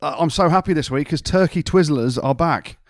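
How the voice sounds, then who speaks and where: A man's voice: on the high side, fairly quick, no room sound, clean studio sound. A man co-hosting a podcast in casual chat, telling cheeky anecdotes with animation. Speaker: podcast co-host.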